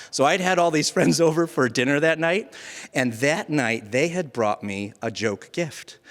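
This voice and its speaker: A man, around his thirties, telling a personal story live to an audience, animated and often laughing at himself. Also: medium pitch. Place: museum event space before a live audience. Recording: long hall reverb.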